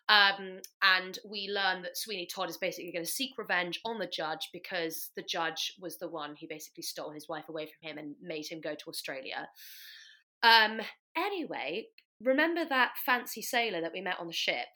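Woman podcast host, bright forceful tone, loose chatty recap full of ums, slips into quick character voices. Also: fairly low pitch. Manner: chatty, filler-heavy, acts out quotes of the characters. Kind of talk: casual plot recap.

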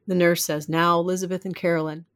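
Woman guest, low voice, animated and rambling storyteller. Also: quick pace. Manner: animated, rambling, laughs often. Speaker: podcast guest. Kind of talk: storytelling in casual interview.

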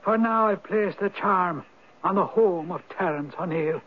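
The husky old spirit of the rock. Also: male voice, high voice, a little slow. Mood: wise, teasing. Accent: Irish. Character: mysterious old male spirit, a Viking turned Irish. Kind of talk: 1970s radio drama acting. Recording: narrow, tinny old radio broadcast.

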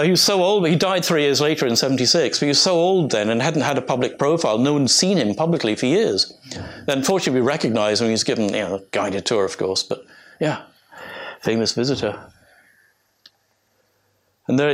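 An older man from England, an archaeologist giving an informal illustrated talk, rambling and chatty with many fillers and restarts. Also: mid-range voice.

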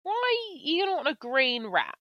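A woman co-hosting a comedy podcast, jokey and theatrically exasperated. Her slightly high, bright voice swings widely in pitch. She is recorded dry and close on a podcast mic. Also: huge pitch swings, unhurried, no room sound, dull audio. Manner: exaggerated, exasperated and jokey, with frequent laughter. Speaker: podcast co-host. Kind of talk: casual comedic chat.

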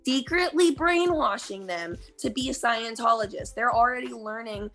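A woman's voice: on the high side, normal speed, fairly bright tone, faint music behind. A young woman co-hosting a podcast, explaining earnestly in casual chat with many fillers and casual swearing. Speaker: podcast co-host.

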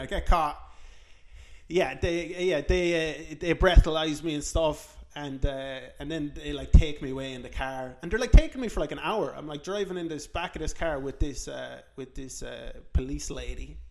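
A man's voice: a little high, moderate pace, vocal fry, darkish tone. An Irish man hosting a podcast, telling a rambling, self-mocking story with lots of fillers. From Ireland. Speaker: podcast host. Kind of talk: casual comedic storytelling.

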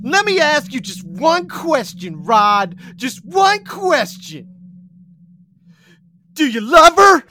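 A man's voice: sits high, very animated, takes it slowly, a little hiss or hum, heavily acted. A man voicing an awkward teenage boy who pleads and wails through tears. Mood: desperate pleading. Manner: pleading, wailing, shouting.

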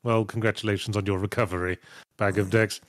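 A man's voice: on the low side, level tone, fast, dry recording. Dry, sardonic man. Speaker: podcast host reading superchats. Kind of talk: casual chat.

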